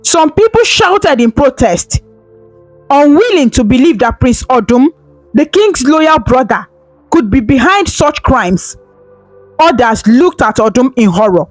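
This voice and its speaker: A woman narrating a folktale in a dramatic, expressive way. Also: sits high, dry recording, low-quality recording. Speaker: storyteller.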